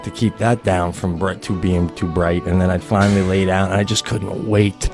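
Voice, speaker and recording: A man co-hosting a comedy podcast, telling a rambling, animated story in casual chat. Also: low voice, moderate pace, music in the background. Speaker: podcast co-host.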